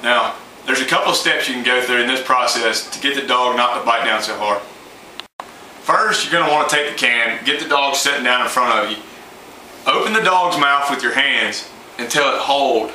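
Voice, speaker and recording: A man's voice: medium pitch, normal speed, pushed and bright, reverberant, recorded from a distance, slight background noise, rough recording. A man giving a plain, informal how-to talk on training his dog, folksy and loose with fillers.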